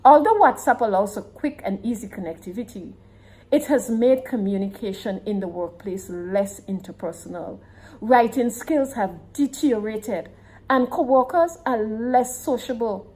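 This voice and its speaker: Student woman doing a formal class presentation, mellow voice, bit high, emphatic. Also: poor audio. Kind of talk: oral presentation.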